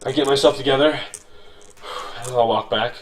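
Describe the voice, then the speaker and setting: A man's voice: mid-range voice, unhurried, distant mic, slight background noise. A man playing a tabletop game, speaking hesitantly with many fillers, recorded in an echoey room away from the mic. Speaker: player.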